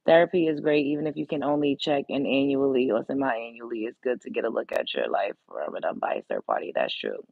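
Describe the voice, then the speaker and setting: A woman's voice: a bass voice, animated, quick pace, gravelly, hardly any pauses, husky, no echo, narrow, tinny audio. A woman hosting a casual live stream, chatting bluntly with viewers and swearing freely. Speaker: livestream host. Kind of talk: casual live-stream chat reading comments.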